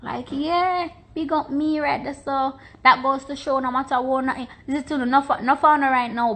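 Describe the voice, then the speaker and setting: A woman's voice: high voice, fairly even intonation, normal speed, few pauses, fairly bright tone. A woman with a Jamaican accent, telling her own story on an Instagram live through a phone mic, stressing points by repeating words. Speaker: social media personality.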